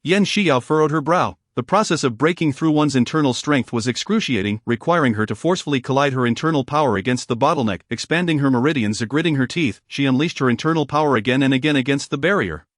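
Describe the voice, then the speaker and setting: A man narrates a fantasy story recap in a steady, unbroken read. His voice sits at a middle pitch. The recording is dry and close to the mic. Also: fast, few pauses, no room sound.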